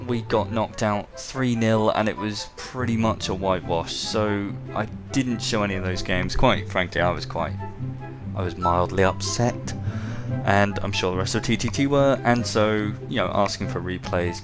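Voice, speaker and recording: A low-voiced English man hosts a casual commentary over a game replay. He keeps it chatty and slips in joking asides as he talks through the action. Music plays clearly beneath his voice the whole time. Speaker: game commentator and show host.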